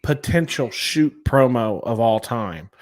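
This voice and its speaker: A man's voice: mid-range voice, lively intonation, takes it slowly. A man co-hosting a podcast in casual chat, opinionated and talkative, calling out to viewers. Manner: chatty, opinionated, calls out to live viewers. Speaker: podcast co-host.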